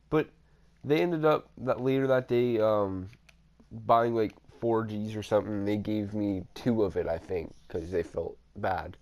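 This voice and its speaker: A man's voice: lowish voice, unhurried, darkish tone. A man casually telling a personal story over gameplay footage, rambling and swearing, with frequent restarts and fillers. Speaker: storytime vlogger.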